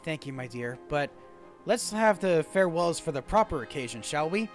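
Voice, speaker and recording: A man's voice: fairly high pitch, animated, normal speed, faint music behind, pitched below the performer's own voice, close to an everyday voice. A man reading as a teasing veteran geiko. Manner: gently teasing, formal. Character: retiring star geiko woman, teasing and warm.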